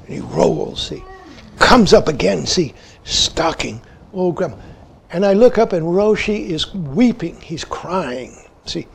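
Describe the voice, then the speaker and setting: An older man, a Zen teacher giving a dharma talk, who keeps saying "see" and slips into hushed tones as he tells a story. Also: high voice, expressive, vocal fry, husky. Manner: says "see" again and again, slow and deliberate; drops to hushed whispers when retelling a story.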